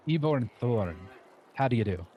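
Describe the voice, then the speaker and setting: A man's voice: medium pitch, animated, normal speed, lo-fi sound, close to an everyday voice. A man voicing a friendly, hearty competitor in a white tunic who is still catching his breath after a contest.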